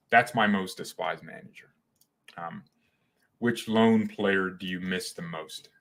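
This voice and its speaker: Young guy rambling on his fan stream, bright forceful voice, gets worked up fast. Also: fairly low pitch. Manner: animated, slangy, excitable. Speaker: fan channel host. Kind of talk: casual livestream chat.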